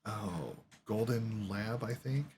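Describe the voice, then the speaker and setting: A man's voice: lowish voice, slow, darkish tone, a little hiss or hum. A man telling a long story while playing a game, rambling along with lots of swearing and quoted voices. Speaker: gaming streamer.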